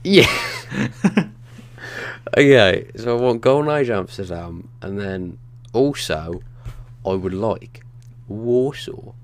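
A man's voice: fairly low pitch, expressive, slow pace, pauses often. A young man co-hosting a gaming podcast, blunt, sweary and teasing in casual chat. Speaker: podcast co-host.

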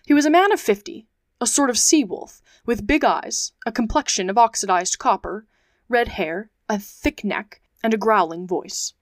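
A woman's voice: on the high side, animated, dry recording. Woman narrating a classic novel, dry sound. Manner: measured, phrase-by-phrase reading. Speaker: podcast host reading a classic novel. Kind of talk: audiobook narration.

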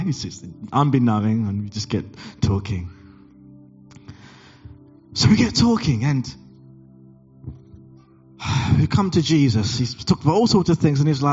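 Animated preaching man, muffled church recording. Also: normal speed, husky, soft background music. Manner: animated, acts out dialogue with big pitch jumps. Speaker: pastor. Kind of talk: sermon with storytelling.

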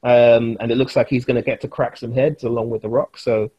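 A man hosting a casual film chat, animated and laughing often. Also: mid-range voice, fairly quick, husky, dry recording, dull audio. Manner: animated, laughs often, quotes lines in put-on voices. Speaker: podcast host.

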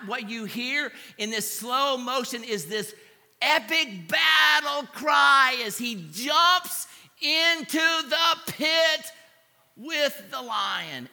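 A man's voice: sits high, bright, forceful tone. A male pastor preaching a sermon, telling a story dramatically and acting out the audience's reactions. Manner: asks the congregation to repeat after him. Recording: long reverb of a large hall.

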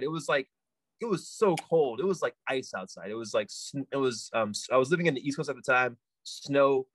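A man, a podcast guest, telling a story casually in an animated, loose way full of asides. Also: mid-range voice, dry recording.

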